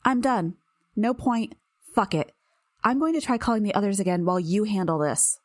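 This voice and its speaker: A woman voicing a sharp, impatient young woman who talks briskly and dismissively, in an audiobook reading. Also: mid-range voice, no echo, clean studio sound, close to an everyday voice.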